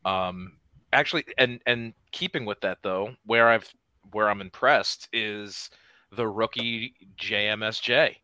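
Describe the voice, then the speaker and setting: Bright-voiced blunt male sports talker. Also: fairly low pitch, a little slow, no room sound. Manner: blunt, enthusiastic, some swearing. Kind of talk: casual sports chat.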